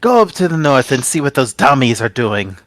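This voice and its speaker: A man's voice: mid-range voice, sing-song, brisk, fairly bright tone, no echo, clean studio sound. A man voicing a small, boastful reptilian boss with a scaly voice who brags and barks orders. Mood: bossy. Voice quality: scaly, hissing voice.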